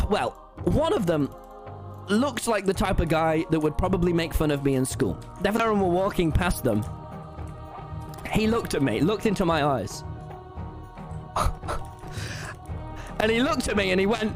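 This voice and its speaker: Teenage boy, high voice, very lively pitch, excitable, rambling, swearing, faint music behind. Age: teens. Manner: excitable, rambling, swears a lot, frequent restarts. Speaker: streamer. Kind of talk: animated storytelling to an audience.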